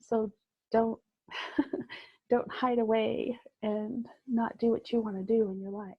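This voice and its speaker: A woman guest sharing a personal story in conversation, reflective and halting, with many fillers. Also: fairly high pitch, steady tone, breathy edge, no echo, dull audio.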